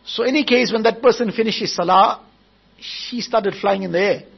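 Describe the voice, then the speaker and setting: A man with a high, gravelly voice delivers a storytelling sermon at a wedding gathering. He is husky and slightly breathy, and he goes over every point again and again. The recording is dull and lo-fi. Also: normal speed. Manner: repetitive, retells each point several times.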